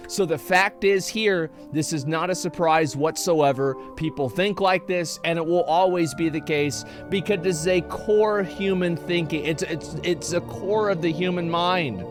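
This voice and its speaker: A man's voice: fairly high pitch, unhurried, few pauses, music in the background. A male streamer giving live reaction commentary, blunt and profane, who stumbles over and repeats words when worked up. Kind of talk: live reaction commentary, reading posts aloud.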